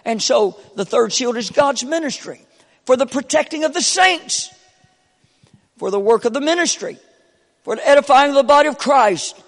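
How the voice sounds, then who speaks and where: A man preaching a Pentecostal sermon from the pulpit, repeating short call-outs to the congregation and swinging between soft talk and fervent preaching. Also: very high-pitched, lively intonation, normal speed, long reverb tail. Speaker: pastor. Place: church sanctuary.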